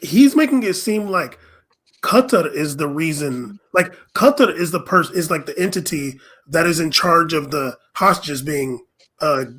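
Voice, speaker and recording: This podcast co-host tells a news story during a loose political conversation, wandering earnestly through it and pausing often with ums. He sounds slightly husky, with a voice that's a bit high and a bit bright.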